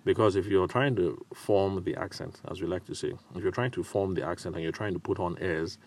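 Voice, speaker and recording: A man hosting a solo advice podcast, talking in a measured way with frequent filler pauses. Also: deep voice, fairly even intonation. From Nigeria. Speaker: podcast host.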